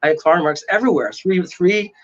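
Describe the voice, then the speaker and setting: Excitable high-voiced man, dramatic storyteller, muffled lo-fi audio. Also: a little fast. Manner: excitable, dramatic retelling with frequent "right?". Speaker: paranormal investigator guest. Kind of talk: animated storytelling in casual interview.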